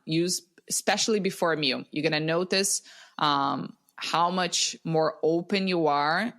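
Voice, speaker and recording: A woman who teaches breathwork, a podcast guest explaining simple techniques in a calm, instructive way over a video call. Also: low-pitched, creaky.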